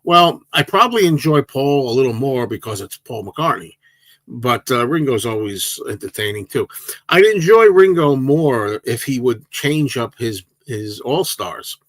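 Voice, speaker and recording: A man in his sixties chats casually on a livestream, wandering through his answers with plenty of ums and false starts. His voice sits at an ordinary middle pitch. The sound is close and dry, with no room echo. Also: big pitch swings, measured pace, a bit bright. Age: 60s. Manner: rambling, hesitant, many fillers and restarts. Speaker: livestream host.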